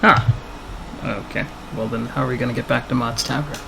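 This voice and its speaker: Man, tabletop player, very gravelly voice, hesitant, noisy background. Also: mid-range voice, fairly even intonation, brisk. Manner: hesitant, full of fillers. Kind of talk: in-character tabletop play.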